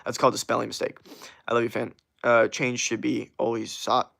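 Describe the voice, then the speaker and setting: Dude on a livestream, rambly and swearing a lot, reading out chat. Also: male voice, mid-range voice, little pitch movement, a little fast, creaky, a bit bright. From USA. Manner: rambling, profane, laid-back. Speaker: livestream host. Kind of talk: casual livestream chat, reading viewer comments.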